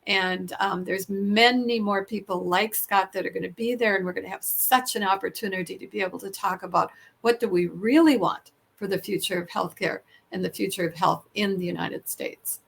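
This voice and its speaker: A woman's voice: mid-range voice, steady tone, normal speed, creaky, few pauses, fairly bright tone, slightly rough. A woman who is a nurse hosting a podcast, talking earnestly in a casual interview with frequent fillers and restarts.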